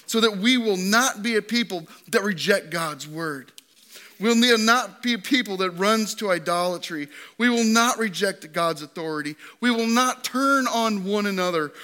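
A man in his thirties preaching a sermon, swinging from high, impassioned appeals to quiet, tender readings. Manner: impassioned preaching, voice rising high then dropping soft. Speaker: pastor.

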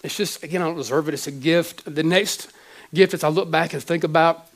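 A high-pitched man in his forties preaches from the pulpit as a pastor. His delivery is heartfelt and halting, full of restarts and repeated words. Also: fairly even intonation. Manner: emotional, halting with many restarts. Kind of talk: sermon.

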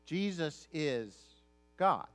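A man's voice: fairly high pitch, lively intonation, extremely slow, a bit bright, soft background music. A male pastor preaching a sermon, reading scripture aloud and then explaining it in an emphatic, conversational way.

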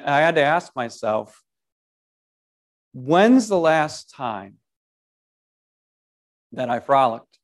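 A man with a high, light voice delivers a short devotional sermon. He talks slowly and in an animated way, often restarting a phrase and asking the listener questions as he goes. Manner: animated, many restarts and repeated words, rhetorical questions. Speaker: preacher.

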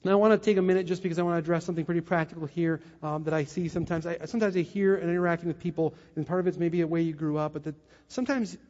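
Middle-aged male preacher, animated storyteller, muffled sound in a large echoing hall. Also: fairly high pitch, very fast. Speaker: pastor. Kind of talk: sermon with personal story. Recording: muffled, long hall reverb.

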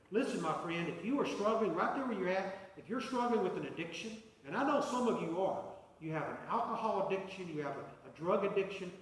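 A man preaching a sermon as pastor, earnest, with a repeating cadence. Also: high voice. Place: church sanctuary. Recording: echoey hall, mic far off.

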